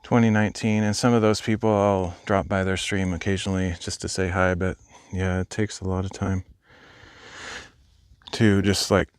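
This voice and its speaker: A man's voice: low voice, level tone, moderate pace, smooth, no echo, clean studio sound. A young adult man live streaming while hiking outdoors, chatting casually and thinking aloud as he answers viewers. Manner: rambling, thinking aloud, replies to chat. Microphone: phone.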